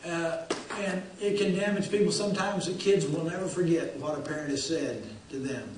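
High-voiced pastor in an echoey church. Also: male voice, normal speed, a little hiss or hum. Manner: folksy, repeats phrases for emphasis. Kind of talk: sermon. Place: church sanctuary. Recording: very echoey church hall, distant.

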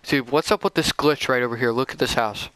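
A young man chatting casually with a teammate while playing, excitable and saying "dude" a lot. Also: mid-range voice, a little fast, no echo. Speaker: gamer. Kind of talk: casual gameplay chat with a teammate.

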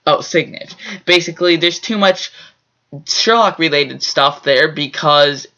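Bright-voiced man rambling through facts. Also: on the high side, a little slow, muffled recording. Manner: rambling, lots of fillers. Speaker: co-host. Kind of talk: casual chat, reading out facts.

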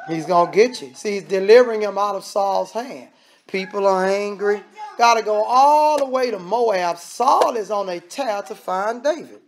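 Male preacher, gravelly voice, emphatic, repeats himself, chatty asides. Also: high-pitched, lively intonation, moderate pace, a little hiss or hum. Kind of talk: sermon.

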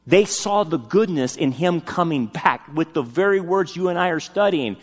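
Animated preaching man in a reverberant hall. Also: on the high side, normal speed, hardly any pauses. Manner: animated preaching, rising to loud emphatic peaks; casual spoken asides like "man". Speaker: pastor. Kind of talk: sermon.

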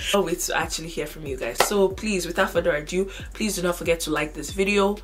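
Nigerian woman vlogger, lower voice. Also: fast talker, music in the background. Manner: animated, switches between hushed and loud. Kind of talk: casual storytelling to camera.

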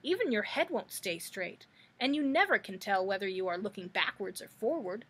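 A woman's voice: mid-range voice, lively intonation, normal speed, a bit bright, husky. Woman doing a sneering, grumbling sawhorse. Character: grumbling rude wooden sawhorse.

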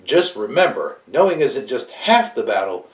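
A man hosting a casual toy review, reading a figure's file card aloud and chatting in an unhurried way with fillers. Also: medium pitch, sing-song, reverberant, recorded from a distance.

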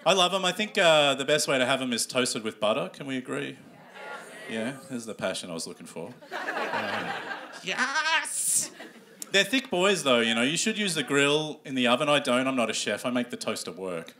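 Lively comedian hosting a live show. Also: male voice, mid-range voice, a little fast. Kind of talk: stand-up comedy. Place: comedy club stage before a live audience. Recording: live room with audience noise.

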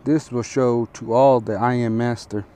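A man voicing a proud, bossy little male mouse in a slowly read storybook, speaking in a haughty, commanding way. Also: mid-range voice, fairly even intonation, dark tone, smooth, close to an everyday voice. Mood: boastful.

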